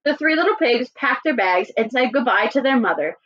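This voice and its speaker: A woman teacher with a fairly high, very lively voice, reading a story and chatting through a lesson. She often asks her listeners to follow along. The audio sounds a little dull and lo-fi. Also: fairly quick. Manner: animated, checks in with listeners often. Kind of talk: classroom lesson and read-aloud.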